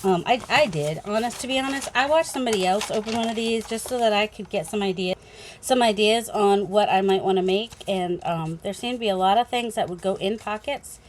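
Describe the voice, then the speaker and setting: A woman's voice: medium pitch, fairly quick, a little hiss or hum. A woman with a New England accent chatting casually as she unboxes craft supplies at home, thinking aloud, recorded on a phone. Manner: chatty, rambling, thinking aloud with many fillers. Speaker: crafting channel host.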